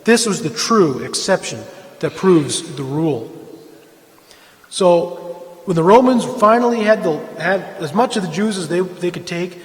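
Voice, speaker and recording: Man, high voice, emphatic church talk, lingering hall reverb. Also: lively intonation, measured pace. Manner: emphatic, rises in pitch and volume when pressing a point. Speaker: speaker at a church Easter event. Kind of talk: impassioned lecture-style talk.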